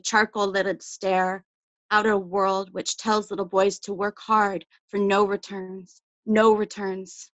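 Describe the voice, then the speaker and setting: Woman, poetry reading, measured and intimate, muffled lo-fi call audio, dry sound. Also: mid-range voice, dry recording. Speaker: poet.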